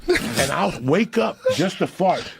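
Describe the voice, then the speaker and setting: A man in his fifties from Cuba, telling crude stories on a podcast in a profane, animated way. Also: sits high, takes it slowly, vocal fry, noisy background. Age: 50s. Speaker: comedian guest. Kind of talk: storytelling on a podcast.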